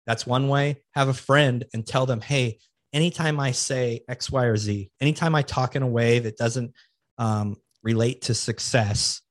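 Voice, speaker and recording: A man's voice: mid-range voice, fairly even intonation, moderate pace, dry recording. A man hosting a podcast, giving earnest motivational advice in a coaching manner and repeating key phrases for emphasis. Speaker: podcast host.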